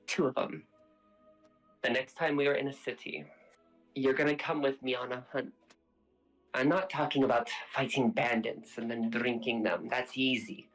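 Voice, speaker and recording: A tabletop player voicing a brooding, vengeful vampire woman who speaks quietly and intensely, sometimes dropping to a whisper. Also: mid-range voice, steady tone, normal speed, soft background music, poor audio. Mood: firm. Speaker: player character.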